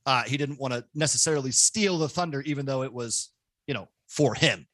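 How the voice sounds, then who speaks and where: A man hosting a casual podcast chat, loud and excitable, joking at his own expense into his microphone. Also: mid-range voice, fairly quick, dry recording. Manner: loud, excitable, self-mocking. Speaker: podcast host. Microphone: home podcast microphone.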